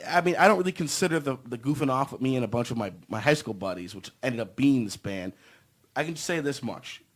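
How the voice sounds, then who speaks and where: A male musician chats casually as a podcast guest, rambling and joking as he goes. His voice sits at an ordinary middle pitch, and he leans on fillers throughout. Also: lively intonation, fairly quick. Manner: rambling, joking, heavy with fillers like "you know". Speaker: band member guest. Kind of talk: casual podcast interview chat.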